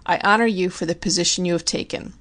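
A male district attorney, stern yet moved, speaks in grave and formal terms, as a woman narrator reads him. The voice sits slightly low for a woman. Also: fairly even intonation, quick pace, a bit bright. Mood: earnest.

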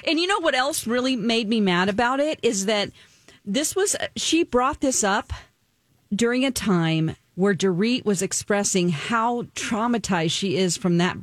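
A woman's voice: mid-range voice, dry recording. A woman co-hosting a casual chat, recounting scenes indignantly and quoting people. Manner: indignant, quotes others in put-on voices. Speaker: co-host. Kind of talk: casual gossip chat about reality TV.

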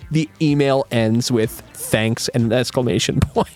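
A man's voice: mid-range voice, unhurried, hardly any pauses, a little mellow, faint music behind. A man co-hosting a podcast, chatting casually with a lot of swearing, laughing, and rambling asides. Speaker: podcast co-host. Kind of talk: casual chat.

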